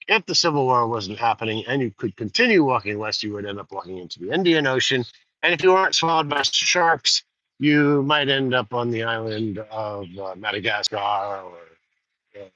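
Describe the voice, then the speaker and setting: A man's voice: medium pitch, lively intonation, moderate pace, sharp tone, no room sound. A man hosting a rambling walk-and-talk livestream outdoors by rice fields, chatty and digressive, on a dull lo-fi recording. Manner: digressive, chatty, folksy asides. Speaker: host.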